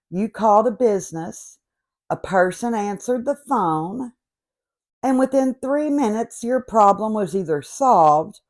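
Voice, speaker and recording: A woman's voice: medium pitch, a little mellow. A woman in her late fifties who speaks with an accent, hosting a comedic rant in a sarcastic, exasperated storytelling manner. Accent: noticeable regional accent. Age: 50s. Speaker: host.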